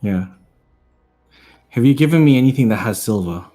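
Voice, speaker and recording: A man's voice: mid-range voice, animated, normal speed, mellow, soft background music. A man playing a tabletop game who chats casually and asks the game master questions. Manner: chatty, asks rules questions. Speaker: player.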